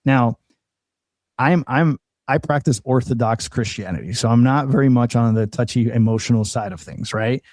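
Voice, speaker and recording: A man from Colombia tells his life story as a guest on a talk show, earnest and conversational. His voice is mellow and warm. The sound is close and dry, with no room around it. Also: medium pitch, moderate pace, no echo. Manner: earnest storytelling, quoting others in dialogue. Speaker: podcast guest. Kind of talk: personal testimony in casual conversation.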